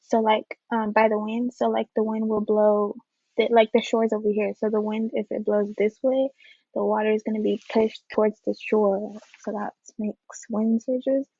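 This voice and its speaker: A woman's voice: mid-range voice, little pitch movement, normal speed, dark tone, no echo. A young woman giving an informal class presentation on waves, hesitant and full of fillers. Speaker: student presenter. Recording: dull lo-fi mic.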